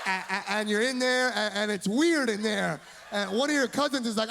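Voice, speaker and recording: A young man from doing stand-up comedy, animated and acting out voices. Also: high voice, moderate pace, vocal fry, hardly any pauses, a little hiss or hum. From Miami, USA.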